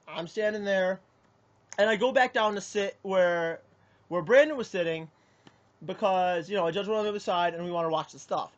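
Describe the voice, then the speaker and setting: A man's voice: high voice, moderate pace. A young man telling a personal account to camera in a rambling, indignant way, often restarting his sentences. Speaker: card game player. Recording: muffled lo-fi audio.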